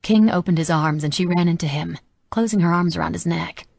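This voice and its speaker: A woman narrating a romance audiobook softly and intimately. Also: fairly low pitch, brisk, vocal fry, dry recording, studio quality. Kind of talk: scripted narration.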